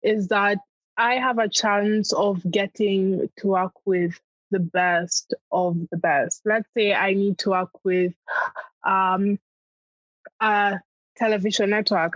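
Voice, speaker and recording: A woman's voice: mid-range voice, no echo. Young woman comic chatting, laughs a lot, dry muffled sound. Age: young adult. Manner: animated, laughs often, acts out family in quotes. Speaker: guest comedian. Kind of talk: casual interview chat.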